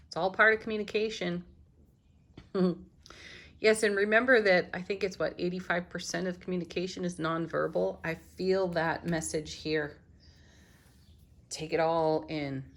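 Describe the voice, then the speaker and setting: A woman giving a gentle, affirming tarot reading, moving from card to card. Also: on the low side, steady tone, a little slow, long pauses. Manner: gentle, affirming, laughs softly between cards. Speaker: tarot reader.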